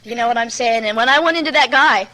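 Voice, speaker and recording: A woman's voice: a little high, quick pace, bright, forceful tone, rough recording. A woman giving a candid personal testimony at a recovery meeting, rambling and plain-spoken with many asides. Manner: candid, rambling storyteller, many "you know"s.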